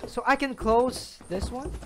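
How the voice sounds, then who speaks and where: A young man playing a video game alone, reacting out loud and chatting to the characters on screen. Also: extremely high pitch, a little slow, background noise. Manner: excitable, talks to the game characters, laughs often. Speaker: gaming channel host. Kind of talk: solo let's play commentary.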